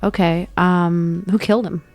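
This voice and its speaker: A woman playing a game with a friend, choosing options and making deadpan jokes. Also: lowish voice, unhurried, no room sound, faint music behind. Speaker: co-player. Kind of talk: casual let's-play chat.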